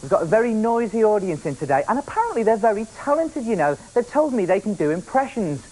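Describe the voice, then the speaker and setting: A man hosting a children's game show, playful and energetic, often shouting to the contestants. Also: high voice, fast, background noise. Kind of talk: lively TV game show presenting.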